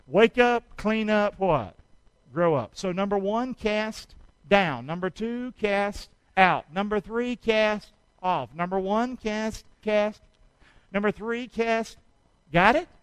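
High-voiced preacher, call and response. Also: male voice, expressive, slow, clean tone, dry recording, poor audio. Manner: call-and-response preaching, swings from shouting to quiet. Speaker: pastor. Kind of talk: sermon.

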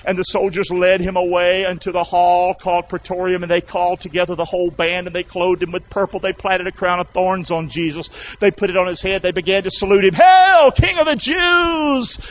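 A male pastor preaching a sermon, calling out to the congregation and rising to shouts. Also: sits high, flat delivery, a little fast, hardly any pauses, lo-fi sound. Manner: loud call-and-response preaching, rising to shouts.

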